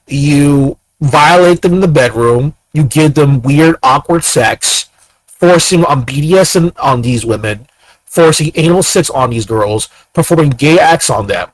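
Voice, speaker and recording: A man with a somewhat high voice launches into an angry, profane monologue. He talks fast and repeats himself. The sound is dry and close to the mic. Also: no room sound, rough recording. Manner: angry, profane, rapid rant. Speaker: host. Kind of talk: ranting monologue.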